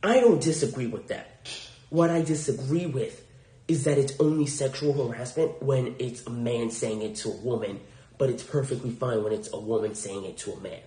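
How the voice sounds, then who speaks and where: A man's voice: medium pitch, normal speed, warm tone. A young adult man hosting a solo podcast, telling a work story bluntly and indignantly, with frequent swearing. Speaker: podcast host. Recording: roomy echo.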